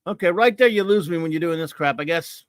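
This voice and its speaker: A man's voice: fairly high pitch, fast, dry recording, studio quality. A middle-aged American man hosting a comics talk show, ranting about a comic with mocking scorn. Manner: scornful, mocking, repetitive rants.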